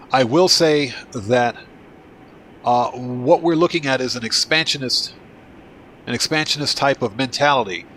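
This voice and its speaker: A man's voice: mid-range voice, a bit bright, slight background noise. A man from Baltimore with a Northeastern American accent, casually chatting with viewers while hosting a gaming livestream. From Baltimore, Maryland, USA. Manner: chatty, answers viewers' chat with frequent restarts.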